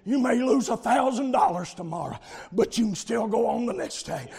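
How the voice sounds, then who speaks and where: A man preaching a revival sermon, moving from quiet storytelling to loud shouting. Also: high voice, fairly quick, vocal fry, husky, some chatter behind. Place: camp meeting with congregation. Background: congregation calling amens.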